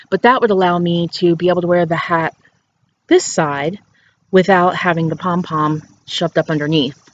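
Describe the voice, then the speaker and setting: A woman hosting a knitting podcast outdoors, chatting playfully about her work and laughing often. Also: fairly low pitch. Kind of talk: casual show-and-tell chat. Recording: dull outdoor recording with faint background noise.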